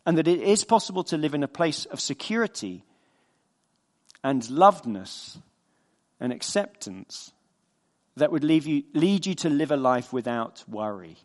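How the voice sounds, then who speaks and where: Guy giving a chatty sermon, kinda high voice, keeps asking the crowd stuff. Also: very animated, unhurried, big-room sound. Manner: conversational, asks the congregation questions, acts out quoted voices. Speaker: preacher.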